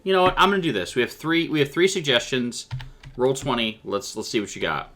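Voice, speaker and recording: A man's voice: medium pitch, very animated, a little fast, a bit bright, slight background noise. A man running a streamed tabletop game as game master, chatting animatedly with his players and viewers and breaking into vocal sound effects.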